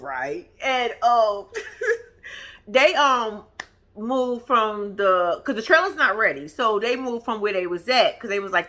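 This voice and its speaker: A woman's voice: medium pitch, a bit bright. A woman casually recapping a reality TV episode for her viewers, chatty and profane, calling them y'all and laughing a lot. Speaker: TV reaction vlogger.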